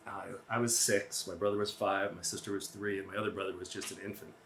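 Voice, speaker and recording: Guy in his 50s from around boston, quick dry self-deprecating storytelling, kinda low voice. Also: little pitch movement, fairly bright tone, a little hiss or hum. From Boston area, US. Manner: wry, self-deprecating, conversational. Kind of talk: live storytelling. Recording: roomy venue sound.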